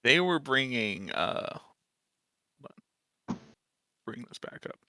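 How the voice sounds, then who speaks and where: A man's voice: medium pitch, very animated, slow pace, pushed and bright, no echo. A man running a tabletop game as game master, describing scenes casually with lots of fillers.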